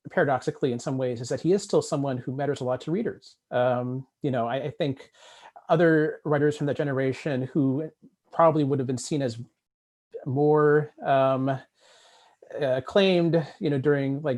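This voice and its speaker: A man's voice: medium pitch, darkish tone. A man speaking as an author on a convention panel over a video call, talking in a hesitant way with many restarts and fillers.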